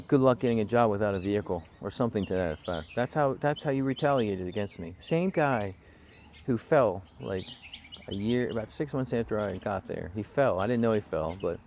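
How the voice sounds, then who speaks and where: Guy venting a long grudge story, cusses a lot, lowish voice, birds chirping faintly in the woods. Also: darkish tone, slight background noise. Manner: aggrieved, blunt, swears often. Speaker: vlogger. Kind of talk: casual storytelling rant. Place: outdoors in the woods.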